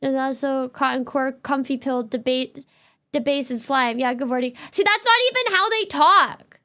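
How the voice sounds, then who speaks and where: A woman from Canada streams and talks over a game in a loose, rambling way, her high voice quick to turn exasperated. The tone is bright and sharp and stays that way throughout. She chats casually to her audience. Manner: rambling, exasperated, fast-talking. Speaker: VTuber streamer. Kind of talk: casual gameplay commentary.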